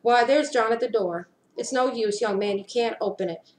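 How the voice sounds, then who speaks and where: Woman reader, fairly high voice, intense dramatic story reading, webcam in an echoey room. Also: normal speed, darkish tone. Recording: roomy echo.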